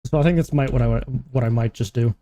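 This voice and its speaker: A man's voice: mid-range voice, fast talker, warm tone. A man streaming a game live, chatting casually, joking, humming and talking to himself as he plays.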